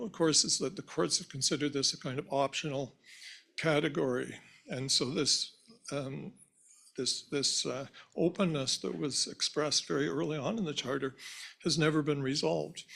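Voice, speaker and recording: A man speaking on an academic panel in a university hall, his voice going hoarse. The tone is gravelly with plenty of fry and a husky edge, and he keeps clearing his throat. He talks in a measured, earnest way and restarts his phrases. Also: fairly high pitch, pushed and bright. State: hoarse, losing voice. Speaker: symposium panelist.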